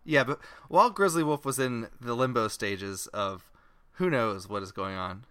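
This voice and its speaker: A man's voice: medium pitch, moderate pace, a bit bright, smooth, no echo. A young man co-hosting a comedy podcast, chatting in an easygoing, wry way. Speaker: podcast co-host. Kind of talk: casual comedic chat.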